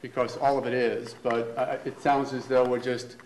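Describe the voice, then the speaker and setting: A defense attorney speaking to the judge in a measured, polite way. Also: male voice, mid-range voice, flat delivery. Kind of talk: courtroom exchange. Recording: roomy courtroom with faint noise.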